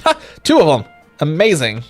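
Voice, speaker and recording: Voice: huge pitch swings, moderate pace, soft background music. A young adult streamer giving jokey live commentary while playing a game, swearing casually and humming nonsense now and then. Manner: puts on a squeaky high voice for gags.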